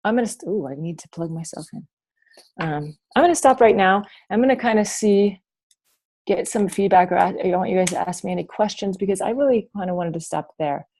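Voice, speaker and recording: A woman's voice: medium pitch, a little fast, dark tone. A woman coaching her team over a video call from home, chatty and rambling with many restarts. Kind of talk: motivational team talk.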